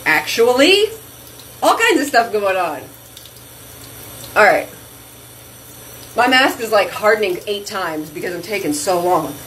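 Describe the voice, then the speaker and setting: A woman's voice: mid-range voice, very animated, unhurried, long pauses, a bit bright, slight background noise, low-quality recording. Chatty woman vlogging at her sink. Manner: chatty and effusive, says "y'all". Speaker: vlog host. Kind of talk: casual chat to camera. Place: at a bathroom sink at home.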